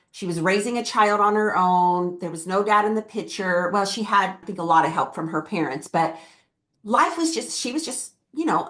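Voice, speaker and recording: A woman's voice: medium pitch, a bit bright. Earnest woman telling a personal story. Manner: earnest and emphatic. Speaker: podcast host and keynote speaker.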